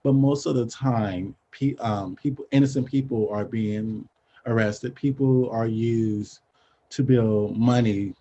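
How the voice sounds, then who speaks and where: A man's voice: medium pitch, fairly even intonation, takes it slowly, mellow. A man explaining his views in a casual, hesitant way, often adding a tag question. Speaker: interviewee. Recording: dull lo-fi sound with faint noise.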